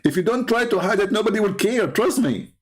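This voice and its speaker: A man's voice: sits high, animated, a little fast, breathy edge. Mocking man laughing through a monologue. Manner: laughs often, repeats phrases, mocking. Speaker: commentary host.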